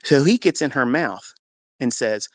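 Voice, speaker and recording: Here the trading mentor's mid-range voice is expressive and a little slow, with no room sound. He earnestly shares a religious personal testimony with an online audio-chat audience, dramatizing his own past words as he speaks.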